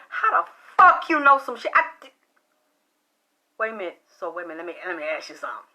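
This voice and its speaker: A woman working as a psychic reader, telling a story in a blunt, excitable way with heavy cursing. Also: fairly low pitch, quick pace. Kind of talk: profane storytelling monologue.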